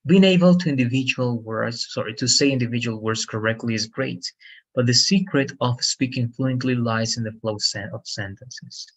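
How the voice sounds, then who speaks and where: A man's voice: medium pitch, moderate pace, a bit bright, poor audio. Native Spanish-speaking man as online English teacher, explanatory, keeps checking in with learners. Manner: explanatory, frequent "right?" checks, self-corrections.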